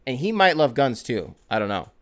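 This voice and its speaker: A man's voice: medium pitch, very animated, fairly quick. Rambling, jokey male podcast host. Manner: rambling, profane, jokey storytelling. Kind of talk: casual solo sports podcast chat.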